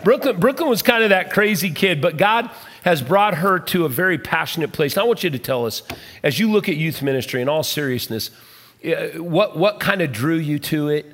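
A pastor in his fifties, hosting and telling family stories in an animated way, acting out the quotes. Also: fairly high pitch, fairly quick. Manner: animated storyteller, acts out quotes. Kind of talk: storytelling chat. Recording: long reverb of a large hall.

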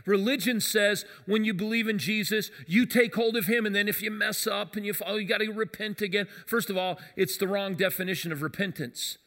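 A man preaching a sermon as pastor, telling a lively story and acting out the voices of the people in it. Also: high voice, a little fast, few pauses. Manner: animated storyteller acting out quotes. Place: church sanctuary. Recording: long hall reverb.

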